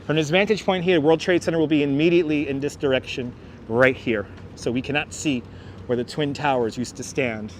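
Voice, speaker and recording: A man's voice: a little high, steady tone, brisk. New york man, walking livestream host, chatty and joking, slightly raised voice, faint traffic outdoors. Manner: chatty, jokey, addresses the chat. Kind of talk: live walking tour commentary. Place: outdoors on a city waterfront. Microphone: wireless clip-on mic. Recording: outdoor street noise from wireless mic.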